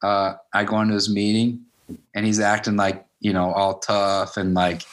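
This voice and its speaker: A man in his fifties tells stories in a relaxed interview, speaking as a high school wrestling coach. His voice sits somewhat low. He keeps slipping into the voices of the people in his stories, quoting what each one said. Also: normal speed. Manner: anecdotal, acts out quoted dialogue with "I'm like". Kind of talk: casual storytelling interview.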